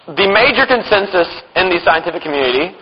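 A man's voice: sits high, animated, fast, a little hiss or hum. A man teaching from the Bible at a church conference, mixing jokes and sarcastic asides into his talk. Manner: joking, with sarcastic asides and chuckles. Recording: dull, lo-fi hall recording with long reverb.

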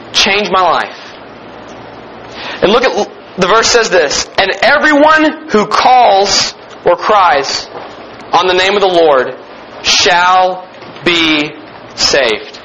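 A man preaching a sermon with emphatic delivery, repeating key phrases and slowing down to stress them. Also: high-pitched, bright, forceful tone, slight background noise, rough recording. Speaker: pastor.

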